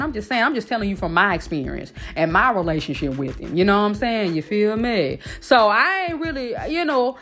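Animated woman preaching on a faith podcast. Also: fairly high pitch. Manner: animated, emphatic, talks straight to listeners. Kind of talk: casual faith talk, preaching.

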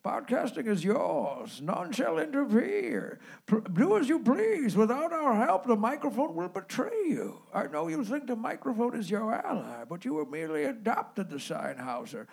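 A menacing masked villain growls through a comic parody ad, as a man puts him on at a live show. The voice sits high and gravelly, with a theatrical muffled edge and wide swings in pitch. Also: sing-song, moderate pace, few pauses, a little mellow, full character voice.

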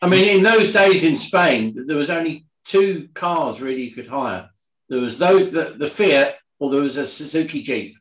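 A man, a guest in a casual chat, reminiscing about the 1980s in a relaxed way. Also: on the high side, moderate pace. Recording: roomy, muffled sound.

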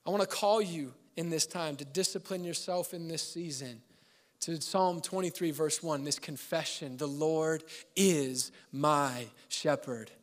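A man preaching a sermon as pastor, mixing scripture with joking asides and laughter, swinging between loud emphasis and quiet, slow lines. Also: a little high. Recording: long hall reverb.

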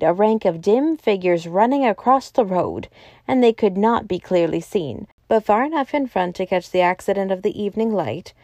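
A woman narrates a novel in a steady, measured audiobook reading. Her voice is mellow and warm, and the recording is dry and close with no room sound. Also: medium pitch, dry recording. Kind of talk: scripted storybook narration.

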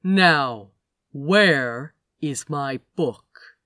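A woman voicing a stern, cold male boss who talks in a slow, clipped, menacing way. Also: lowish voice, lively intonation, dry recording, clean studio sound. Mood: cold menace.

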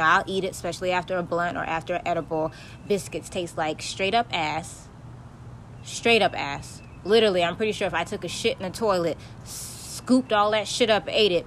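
A young woman with a lowish voice vents on her podcast in a blunt, profane, heated rant. She talks casually and tells her stories straight into the mic, with a faint hiss underneath. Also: fairly bright tone. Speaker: podcast host. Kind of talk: casual ranting monologue.

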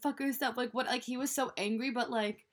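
A young woman co-hosting a casual show recap, chatty and full of "like", often trailing off quietly. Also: fairly high pitch, steady tone, fairly quick. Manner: chatty, heavy use of "like", trails off into quiet asides.

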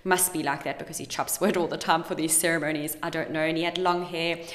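A woman's voice: deep voice, fairly even intonation, fast talker, a bit bright, long reverb tail. A woman hosting her own podcast, telling a personal story in a candid, effusive way, full of "like" and "you know". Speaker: podcast host.

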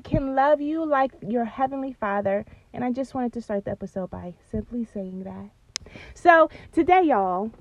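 A woman's voice: high-pitched, no room sound, highs cut off. A woman hosting a faith podcast, talking earnestly and preacherly. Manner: earnest, preacherly, addresses listeners as y'all. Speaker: podcast host. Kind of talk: faith-based podcast talk.

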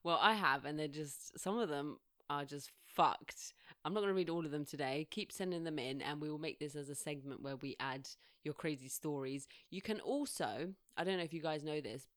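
Chatty woman podcast co-host, tired, low-pitched, dry close sound. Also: moderate pace, no echo. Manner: chatty, laughs often, reads listener stories aloud. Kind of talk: casual chat.

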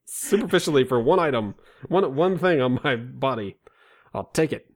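Speaking at a moderate pace in a mid-range voice, a man in his thirties co-hosts a comedy podcast. He trades banter through self-deprecating, animated stories and drops into put-on silly voices.

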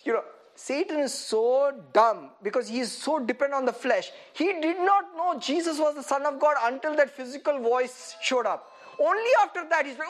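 A man preaching a sermon in an animated way, often laughing and asking his listeners rhetorical questions. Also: very high voice, moderate pace.

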